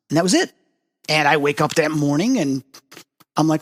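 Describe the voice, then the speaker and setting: A man hosting a spiritual talk show, telling personal stories in an earnest, animated way and acting out the dialogue. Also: a little high, fast, breathy edge, big-room sound. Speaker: host. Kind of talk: personal storytelling monologue.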